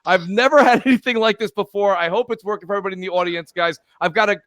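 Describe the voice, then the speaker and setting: A man's voice: high-pitched, very fast, a bit bright, no room sound, clean studio sound. A man hosting a live gaming podcast, introducing guests with jokey, rambling banter. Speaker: podcast host. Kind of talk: casual live podcast chat.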